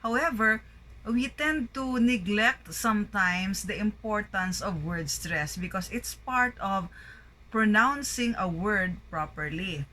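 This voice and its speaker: A woman's voice: mid-range voice, sharp tone, poor audio. A woman with a Filipino accent, teaching an English pronunciation lesson and drilling words one by one. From Philippines. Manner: slow, deliberate word drilling.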